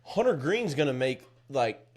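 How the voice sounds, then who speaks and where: A man's voice: medium pitch, sing-song, moderate pace, a little mellow. A man co-hosting a casual sports podcast, talking emphatically and swearing freely as he argues his point. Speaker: podcast co-host.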